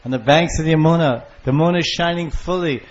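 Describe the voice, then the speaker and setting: An older man giving a devotional lecture on scripture, storytelling with lively acted-out voices. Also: a little high, a little fast, slight background noise. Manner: animated storyteller, acting out lovers' calls. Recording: muffled lo-fi lecture recording.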